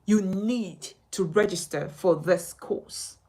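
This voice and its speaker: A woman's voice: mid-range voice, takes it slowly, darkish tone, poor audio. A woman from Nigeria with a Nigerian accent, a communication coach urging viewers emphatically to sign up for her class and repeating her points. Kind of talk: direct-to-camera class promotion.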